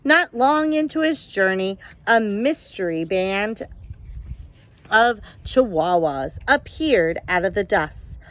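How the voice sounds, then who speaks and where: A woman reading a children's picture book aloud at home, expressive and pausing to ask her listeners questions. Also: mid-range voice. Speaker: storybook reader.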